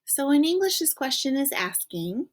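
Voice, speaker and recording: A woman's voice: high-pitched, big pitch swings, normal speed. A woman teaching a recorded French lesson in English, patiently prompting students to think and checking in with frequent okays.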